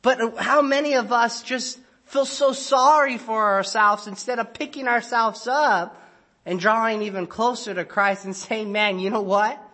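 A man preaching a sermon in a church, talking to the congregation in a conversational way, acting out frustrated everyday asides and dropping low and quiet to stress key points. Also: fairly even intonation, a little slow. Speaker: pastor. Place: church sanctuary.

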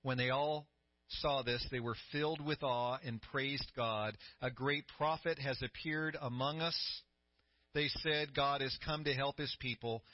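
A middle-aged man preaching a sermon as pastor, telling the story with growing excitement and a voice that climbs high. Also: measured pace, dry recording. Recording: dry, slightly dull sound.

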